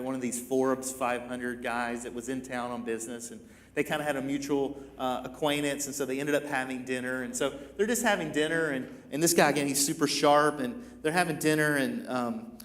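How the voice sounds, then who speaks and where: A man in his thirties preaching a sermon as pastor, emphatic, with many repeats and restarts. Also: mid-range voice. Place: large church hall. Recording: echoey hall with long reverb.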